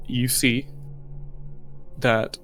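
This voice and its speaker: A man's voice: mid-range voice, little pitch movement, extremely slow, a bit bright, faint music behind. A man running a tabletop game as game master, describing scenes in a rambling way.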